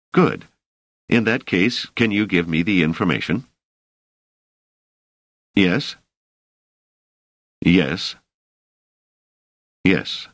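A wry, impatient scholarly man from an audiobook, as a deep-voiced male narrator plays him. The voice is very low but moves a lot in pitch, with dry irony and little patience. The recording is close and dead dry. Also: fairly bright tone, dry recording, full character voice. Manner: dryly ironic, exasperated.

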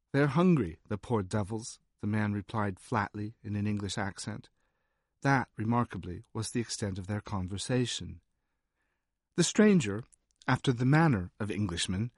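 A man reading a nonfiction history aloud as an audiobook narrator, measured and wry. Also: lowish voice, dry recording. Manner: measured, dry storytelling with wry asides.

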